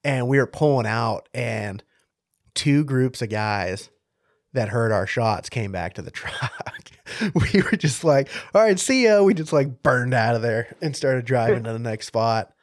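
A man with a West Virginia accent, co-hosting a podcast and excitedly telling a hunting story with frequent laughs. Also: mid-range voice, measured pace, no echo, studio quality. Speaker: podcast co-host. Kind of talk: casual storytelling chat.

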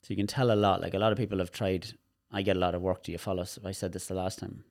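This is an Irish man with a very low voice, talking as a therapist guest in a casual interview. He explains with energy and demonstrations, often repeating a word as he goes. The sound is dry and close. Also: racing, gravelly, no echo. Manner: animated, demonstrative, repeats words while explaining.

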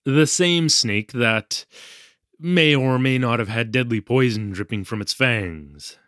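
A man's voice: medium pitch, slow pace, a bit bright, no echo, studio quality. An actor playing a flustered young male English teacher in Japan, telling his ordeal in a wry, self-deprecating way. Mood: tense. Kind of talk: audio drama storytelling narration.

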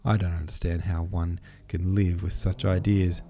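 A man's voice: deep voice, flat delivery, moderate pace, mellow. A man reading the part of an earnest, troubled young nobleman who asks pleading questions.

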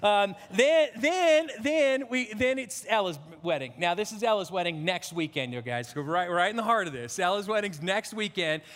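Emotional high-voiced pastor in his fifties. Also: moderate pace, hardly any pauses, big-room sound. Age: 50s. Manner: animated and emotional, with frequent restarts. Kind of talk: sermon.

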